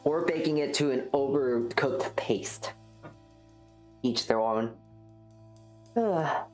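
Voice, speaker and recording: A woman's voice: rumbling low, takes it slowly, darkish tone, faint music behind. A woman streamer chatting casually and rambling, joking at her own expense while reacting to chat. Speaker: livestreamer. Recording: roomy echo.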